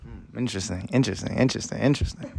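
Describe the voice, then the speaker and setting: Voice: medium pitch, huge pitch swings, fast, gravelly, darkish tone. Laid back show host, giggles a lot, voice jumps all over, lots of ums. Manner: giggly, playful, hesitant fillers. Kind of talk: casual chat show hosting.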